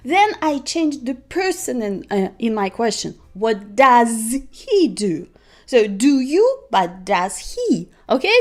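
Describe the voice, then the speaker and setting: A woman teaching grammar on a podcast, explaining step by step and often checking in with "okay?" and "yeah?". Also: high voice. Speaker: English teacher.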